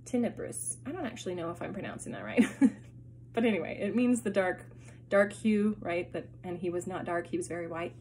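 A woman teacher reading a chapter book aloud to her students, expressive and adding asides. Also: lowish voice, fairly quick, a little hiss or hum.

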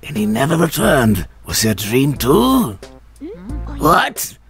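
A man voicing an excitable old male ghost professor in a wheezy, raspy, smoker-like voice, reading game dialogue aloud. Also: mid-range voice, faint music behind, exaggerated voice. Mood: theatrical. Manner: drawn-out, theatrical old-man delivery.

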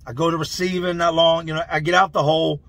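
A man telling a long story in a loose, slangy, animated way. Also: on the high side, fast. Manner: loose, slangy, animated, laughs through the tale. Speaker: channel host telling prison stories. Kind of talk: casual storytelling.

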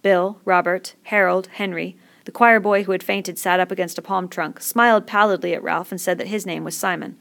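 A woman narrating a novel in a measured, expressive reading. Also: on the low side, gravelly. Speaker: reader. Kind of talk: audiobook narration.

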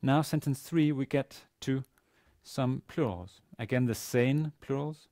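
A man giving a university grammar lecture, pausing often with fillers and restarting his sentences. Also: mid-range voice, dark tone, no echo, studio quality. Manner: hesitant, many fillers and restarts. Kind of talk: classroom lecture. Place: university classroom.

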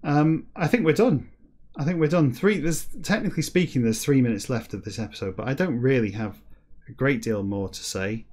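A man of ordinary middle pitch reads a jumbled book aloud for a comedy podcast, slow and careful. He breaks off with dry, self-mocking remarks in a plain, chatty tone. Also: darkish tone. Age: adult with children. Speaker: podcast host reading a novel aloud. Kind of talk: comic reading aloud with chatty asides.

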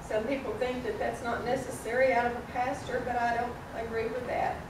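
A woman's voice: on the high side, level tone, brisk. A woman pastor, giving a tender, openly emotional funeral eulogy. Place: funeral service hall. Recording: echoey room from a distant mic with hiss.

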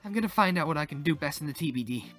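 A man's voice: on the high side, expressive, very fast, a bit bright, faint music behind. A man reading the lines of an eager young female trainee, earnest and a bit hesitant. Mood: earnest unsure. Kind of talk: reading game dialogue aloud.

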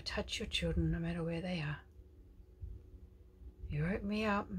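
A woman minister delivering a prophetic message in a hushed, tender, reverent way, often dropping to a whisper and lingering on her words. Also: lowish voice, a little slow, long pauses, a little hiss or hum.

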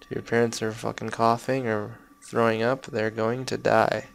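A man's voice: fairly low pitch, level tone, normal speed, vocal fry, noisy background. A young man commenting on his own gameplay, cursing at his mistakes and making sarcastic asides. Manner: swearing, frustrated outbursts and sarcastic asides. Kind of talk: let's play commentary.

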